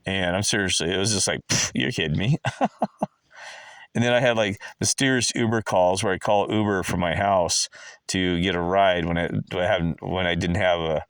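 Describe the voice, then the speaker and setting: A man with a very low voice rambles through casual stories, excitable and full of asides and exclamations. The sound is dry and close, with no room around it. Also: moderate pace, smooth, no room sound. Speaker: vlogger.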